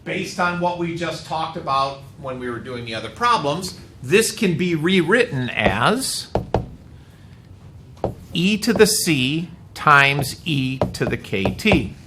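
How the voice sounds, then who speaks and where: A man's voice: fairly high pitch, expressive, slow. A man teaching a calculus class, tired and joking with his students as he works through a problem. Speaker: math teacher. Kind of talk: classroom lecture. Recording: echoey classroom with faint noise.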